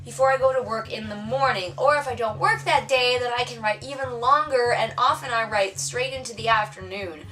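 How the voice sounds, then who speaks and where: A woman's voice: fairly high pitch, a little fast, few pauses, sharp tone, recorded from a distance. A woman author chatting casually through tag questions on her vlog, playful and self-mocking. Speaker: author vlogger.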